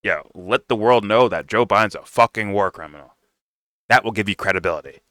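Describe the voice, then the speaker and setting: A man's voice: on the low side, a little fast, bright, forceful tone, no room sound, clean studio sound. Blunt, profane man reacting to a clip. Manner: blunt, profane, rambling with restarts. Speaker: reaction streamer. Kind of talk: casual profane reaction commentary.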